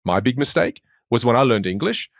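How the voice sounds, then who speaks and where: The voice is medium-pitched and gravelly, and the Australian communication coach talks fairly quickly as he's interviewed. His storytelling is animated, full of voices he puts on, and the studio recording is dry.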